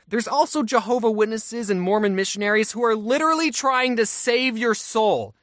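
A man's voice: extremely high pitch, a bit bright, no echo, clean studio sound. A young adult man, a YouTuber, telling a comic storytime in a wry, self-mocking way. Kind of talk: animated storytime.

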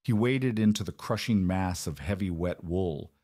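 A man narrating a scripted story in a steady, even way. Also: sits low, normal speed, dry recording, studio quality.

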